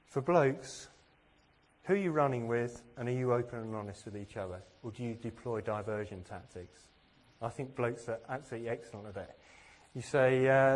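A man's voice: mid-range voice, a little fast. A man from England giving a sermon, earnest and self-deprecating, with plenty of rhetorical questions. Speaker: preacher.

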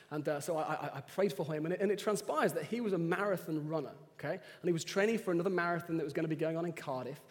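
A man preaches in a chatty, animated storytelling way, and his voice sits a little high. His sermon rings out with long reverb in a church hall. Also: rapid-fire, few pauses. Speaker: pastor. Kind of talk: sermon with personal stories.

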